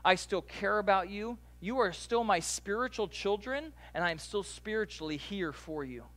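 Male pastor, slightly high voice, casual conversational sermon delivery with animated asides. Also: moderate pace.

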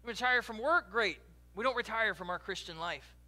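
Male pastor, high voice and very bright, chatty sermon with jokes aimed at the congregation. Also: a little fast. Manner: joking, animated, talks directly to the congregation. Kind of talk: conversational sermon. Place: church.

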